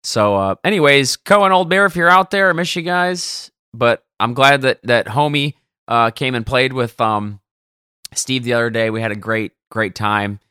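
A man from Detroit talks in a loose, rambling way and keeps correcting himself mid-story. His voice is bright and forward. It is a casual podcast chat among caddies. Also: medium pitch, normal speed, smooth.

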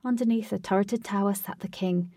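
Woman storyteller, calm read, mellow and slightly husky; dry, distant mic. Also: medium pitch, brisk, no room sound. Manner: calm, steady reading. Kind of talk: storybook narration.

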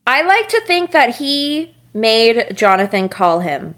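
Joking woman chatting, slightly high voice. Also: sing-song, a bit bright. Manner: quick, joking, laughs often. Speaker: podcast co-host. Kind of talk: casual chat about motor racing.

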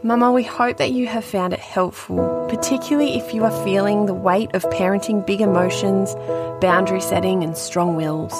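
A woman hosting a parenting podcast, encouraging and quick to laugh as she talks with her guest. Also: mid-range voice, steady tone, over loud music. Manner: encouraging, warm listener, laughs easily. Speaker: podcast host. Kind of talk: casual conversational interview.

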